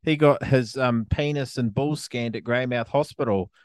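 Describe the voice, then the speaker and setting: A man's voice: medium pitch, normal speed, no room sound. A New Zealand man co-hosts a loose, casual podcast chat, telling stories with lots of swearing and laughter. His voice sits in an ordinary middle range. The recording is close and dry. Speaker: podcast co-host. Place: resort room, in person.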